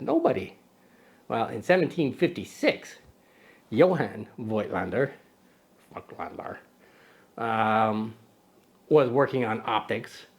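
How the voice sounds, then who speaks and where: A playful man with a mid-range voice hosts a camera chat, joking and teasing his little buddy sidekick. His talk is loose and rambling, with many ums and self-corrections.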